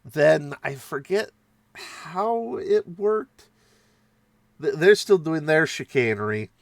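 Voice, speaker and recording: A man's voice: fairly high pitch, lively intonation, slow, vocal fry, no room sound. A man casually retelling a tabletop game session, rambling and self-mocking with frequent laughs. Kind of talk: casual storytelling.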